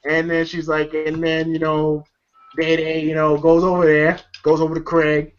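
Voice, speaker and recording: A man's voice: a little high, monotone, moderate pace, clear, resonant tone, dull audio. A man recapping a comedy film in casual chat, rambling, laughing often and swearing freely. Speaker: movie reviewer.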